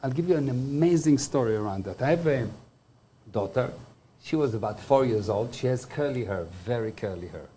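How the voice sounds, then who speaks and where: A man's voice: mid-range voice, lively intonation, fairly quick, warm tone, a little hiss or hum. A man giving a motivational talk. He explains words by defining them and backs each point with everyday examples. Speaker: motivational speaker.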